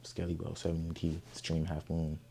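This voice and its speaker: A young man from Oakland, telling a story in an interview, animated, profane and emphatic. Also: very deep voice, moderate pace, gravelly, a little hiss or hum. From Oakland, California. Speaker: guest artist.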